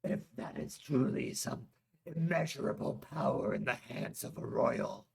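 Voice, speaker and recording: A man voicing a grim, vengeful male warrior lieutenant who talks in a low, intense, commanding way. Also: measured pace, creaky, darkish tone, slightly rough, full character voice.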